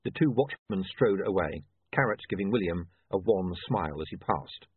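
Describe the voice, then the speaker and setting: A man narrating a story in a dry, measured storytelling manner. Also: deep voice, animated, breathy edge, dry recording. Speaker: audiobook narrator. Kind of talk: scripted narration. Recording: tinny dry phone-like line.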